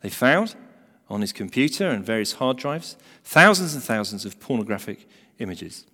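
A man of middle pitch delivers a sermon, telling a story with emphatic swings between forceful and hushed delivery. His voice carries a long reverb, as if heard in a large hall. The pacing shifts as he builds and releases tension. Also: sing-song, moderate pace. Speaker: preacher.

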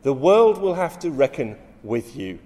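Male preacher, animated pitch, dramatic sermon delivery, hall reverb. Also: measured pace. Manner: dramatic, rising to loud emphatic quotes.

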